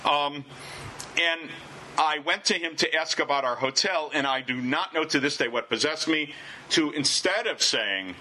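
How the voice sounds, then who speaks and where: A man telling a personal travel anecdote to listeners in an animated, wry, self-deprecating way. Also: fairly high pitch, moderate pace, a little hiss or hum. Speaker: storyteller.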